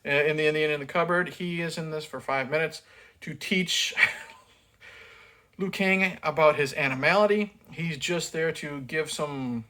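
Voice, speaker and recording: A man's voice: fairly high pitch, measured pace, pushed and bright. A man giving a casual, profane film review rant, blunt and sarcastic, with many fillers as he mocks the acting.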